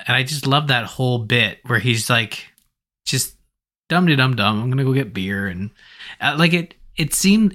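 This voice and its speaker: A man with a medium-pitched, sharp-toned voice co-hosts a podcast, chatting casually and rambling, full of fillers and false starts.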